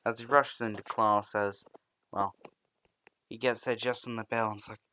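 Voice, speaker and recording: A man's voice: on the low side, steady tone, normal speed, long pauses, bright, forceful tone, a little hiss or hum. A young man narrating a fan story in a rambling, loosely improvised way, often restarting sentences.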